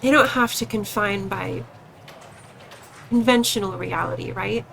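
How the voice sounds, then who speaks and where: Gravelly woman playing a tabletop game. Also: medium pitch, measured pace, a bit bright, slight background noise. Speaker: player.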